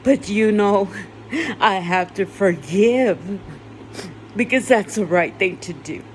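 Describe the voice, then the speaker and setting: A woman's voice: mid-range voice, slow pace, darkish tone, a little hiss or hum. A tearful woman in a rambling, emotional personal monologue, swearing now and then and breaking into laughter.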